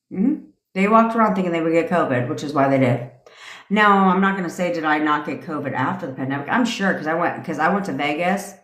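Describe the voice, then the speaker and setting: Profane, laughing female life coach on a live stream; lower voice, echoey room. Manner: profane, brash and laughing, tangents and impressions. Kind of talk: casual live-stream rant.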